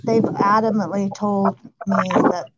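Calm, assured woman on a dull line. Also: mid-range voice, unhurried, very noisy. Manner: calm, assured, speaks of light codes. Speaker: spiritual guide. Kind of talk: casual spiritual conversation.

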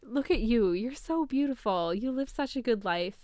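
A woman quoting a gentle, kindly Santa. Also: fairly high pitch, animated, normal speed, dry recording, clean studio sound, close to an everyday voice. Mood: tender. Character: kindly Santa Claus, old man, gentle and admiring.

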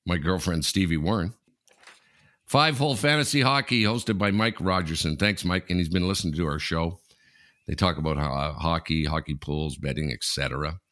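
A man co-hosting a casual sports podcast, telling stories in a rambling, halting way with lots of restarts. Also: sits low, fairly bright tone. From Canada. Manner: rambling storyteller, halting restarts, laughs a lot. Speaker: podcast co-host.

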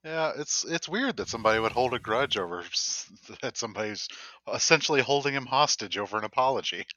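A man's voice: mid-range voice, animated, brisk, bright, forceful tone, dry recording. A man in casual chat, making dry teasing remarks.

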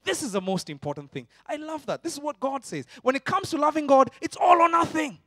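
A man, preaching a sermon and swinging between loud shouts and soft, close tones. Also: extremely high pitch, animated, a little fast, no room sound. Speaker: pastor.

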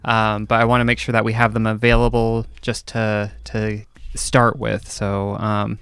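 Male game master, slow, hesitant delivery, smooth voice, dry recording. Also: on the low side, monotone, a bit bright, no room sound. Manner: hesitant, many ums and uhs. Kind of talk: casual podcast chat.

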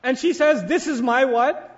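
A man's voice: very high-pitched, a little slow. A man giving a sermon-style talk who retells a story with animation, putting questions to his audience and answering them himself. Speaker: Islamic speaker. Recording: dull lecture hall recording with long reverb.

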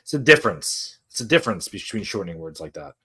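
This young podcast co-host, from the New Jersey or New York area and carrying that accent, trades casual, joking, profane banter. He talks fast in a low, sing-song voice that is pushed, bright, and slightly rough.

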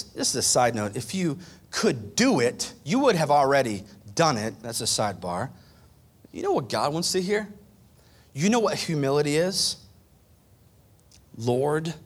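A man preaching a sermon as pastor, repeating phrases for emphasis and swinging from loud declarations to hushed near-whispers. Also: medium pitch, very animated, unhurried, long pauses, breathy edge.

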